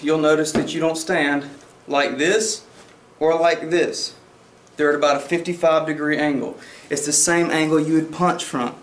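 A male firearms instructor walks through a demonstration lesson and calls out mock shots as he goes. His voice sits a little high, and the recording carries a noticeable room echo. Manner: explains step by step, says "okay?" often, mimics shots with "bang". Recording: roomy echo.

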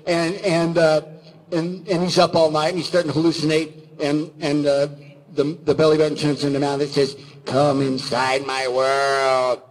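Excited man telling a studio story. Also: on the high side, fairly quick, poor audio. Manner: excited, acts out voices in stories, many fillers. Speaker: animator and panel guest. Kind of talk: storytelling on a convention panel. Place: convention panel room.

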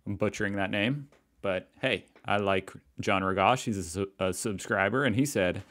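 A man's voice: on the low side, normal speed, a bit bright. An American man hosting a reaction video, chatty and joking in casual commentary. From United States. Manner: chatty, joking, laughs often.

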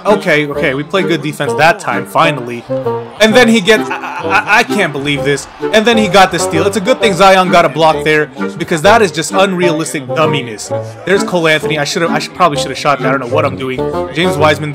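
A man giving casual, excitable commentary over a basketball video game, ranting whenever the play goes wrong. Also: fairly high pitch. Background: game music and sound.

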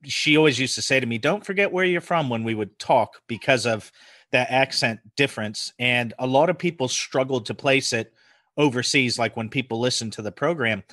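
A man's voice: medium pitch, moderate pace, bright, forceful tone, no room sound. Man in his forties, American accent with New Zealand traces, chatty and laughing, dry close sound. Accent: American with New Zealand influence. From United States. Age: 40s. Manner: chatty, laughs often, restarts words. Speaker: podcast guest. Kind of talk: casual chat.

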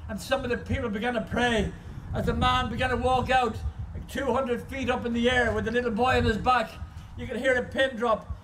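Man, guest preacher, very high voice, impassioned storytelling, distant mic, faint outdoor ambience. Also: background noise. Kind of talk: sermon. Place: outdoor car park service.

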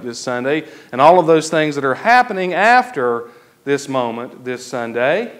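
A man, an Episcopal priest, preaching a sermon in a church, slow and deliberate, stretching key phrases for emphasis. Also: a little high.

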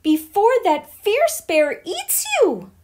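A woman's voice: on the high side, big pitch swings, slow, darkish tone, slightly rough, full character voice. A woman reading aloud and voicing a small, lonely young witch girl in a wistful, sighing storybook voice. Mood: alarmed.

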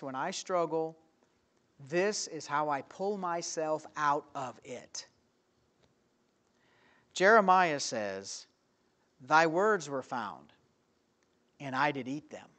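Male pastor with a bright, somewhat high voice, preaching animatedly in a church and moving between loud and hushed. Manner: animated preaching with rhetorical questions, swinging from loud to quiet. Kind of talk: evening sermon. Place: church sanctuary.

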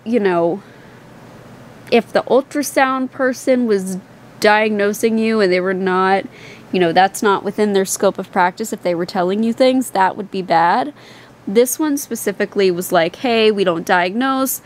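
A woman's voice: mid-range voice, a little slow. Chatty young woman vlogger. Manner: chatty, rambling, candid. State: tired and queasy, out of breath. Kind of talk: casual chat to camera.

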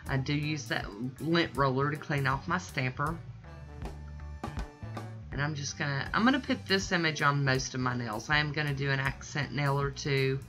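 A woman with a very deep speaking voice and a bright, forward tone walks through a nail art tutorial in casual chat. She gushes freely and pokes fun at herself, with light music underneath. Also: steady tone, moderate pace. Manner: chatty, gushing, self-deprecating.

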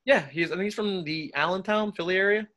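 A man with a fairly high, bright, sharp voice tells backstage stories as a podcast guest. He talks in a loose, animated, profane way, like he's chatting with a friend. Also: fast. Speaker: guest wrestler. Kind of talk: casual interview storytelling.

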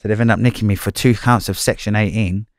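A man's voice: fairly low pitch, fairly even intonation, fast, dry recording, clean studio sound. A man telling his life story in an interview, blunt and slangy, swearing and repeating himself. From London.

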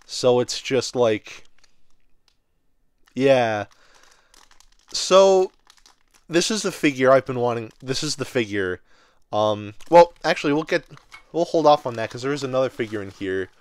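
A man of twenty rambling excitedly with many fillers while unboxing collectible figures in a casual vlog. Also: mid-range voice, measured pace, long pauses, smooth, dry recording. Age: 20s. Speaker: toy reviewer.

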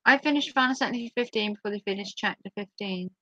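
Woman, livestream host, playful and giggly, bright sharp tone. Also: medium pitch, fast, no echo, muffled recording. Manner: giggly, playful, reacts aloud to chat. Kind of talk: casual live chat reading viewer comments.

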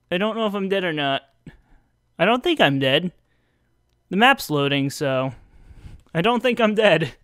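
A man commentating his playthrough of a game, excitable, swinging from muttering to yelling. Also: high-pitched, a little slow, long pauses. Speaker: gaming video host. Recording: music from the game behind the voice.

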